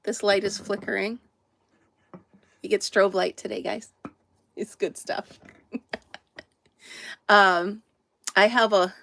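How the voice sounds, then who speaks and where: A livestream host chats casually with viewers from inside her camper, greeting them by name and laughing often. Her voice is medium-pitched and a bit bright, captured with clean studio sound and no echo.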